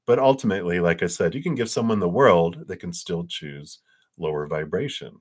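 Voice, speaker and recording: A man giving a casual spiritual talk on a livestream, animated and acting out quotes between chuckles. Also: sits low, a little fast. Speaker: spiritual reader.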